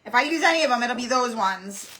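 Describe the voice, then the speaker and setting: High, bright-voiced woman craft host. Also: expressive, fast talker, a little hiss or hum. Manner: chatty and rambling, greets viewers by name. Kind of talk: live-stream craft tutorial.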